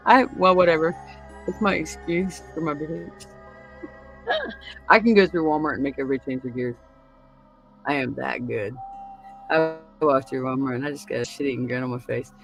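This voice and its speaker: Woman, casual chat host, gravelly, crude storyteller, laughs often. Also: low voice, normal speed, pauses often, faint music behind, poor audio. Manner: crude, laughing storyteller who acts out other people's lines. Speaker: podcast host.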